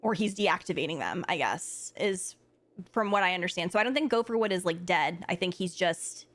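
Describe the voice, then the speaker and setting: A woman's voice: lowish voice, lively intonation, brisk, a bit bright. A woman streaming a game live, chatting casually and thinking aloud with lots of fillers.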